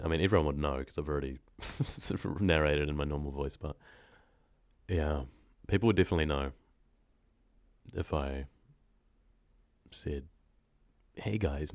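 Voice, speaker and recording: A young New Zealand man talks loosely to his stream audience, wandering from thought to thought and letting sentences trail off. His voice sits very low. The sound is dry and close, with no room around it. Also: darkish tone, no room sound. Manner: rambling, chatty, often trailing off. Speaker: horror story narrator chatting on a livestream. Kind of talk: casual livestream chat.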